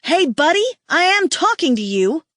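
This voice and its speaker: A woman voicing a furious, desperate young woman who yells and swears, in an audiobook. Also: extremely high pitch, big pitch swings, normal speed, no room sound, studio quality, voice pushed up, heavily acted. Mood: yelling. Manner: yelling, swearing.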